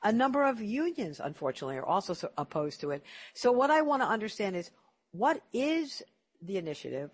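A man's voice: high voice, very animated, fairly quick, breathy edge. Chatty man hosting an interview. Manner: chatty, repeats words when starting sentences. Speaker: interview host. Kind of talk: casual storytelling interview.

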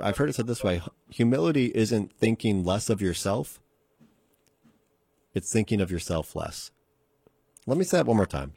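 A man preaches on his radio show, his voice sitting on the low side. He talks earnestly and conversationally, repeating phrases to drive them home. The sound is dry and close, recorded in a studio. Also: vocal fry, a little mellow, breathy edge, dry recording. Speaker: radio podcast host and preacher. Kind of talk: casual radio sermon.

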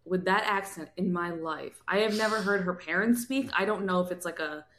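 A woman co-hosting a podcast in casual political chat, animated and emphatic, with exasperated asides. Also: on the low side, fairly quick, slight background noise. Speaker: podcast co-host. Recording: roomy echo.

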